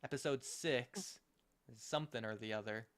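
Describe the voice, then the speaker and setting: A man's voice: mid-range voice, moderate pace, fairly bright tone. A man co-hosting a reaction stream over a voice call, talking casually, rambling and laughing often. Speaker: podcast co-host. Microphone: remote call mic.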